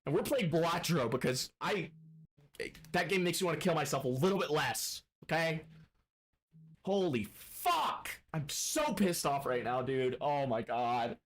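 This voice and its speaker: A man's voice: on the high side, very animated, unhurried, fairly bright tone, slight background noise. Profane mock-furious male game streamer. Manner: profane, mock-angry, ranting at chat. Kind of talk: casual live-stream chat.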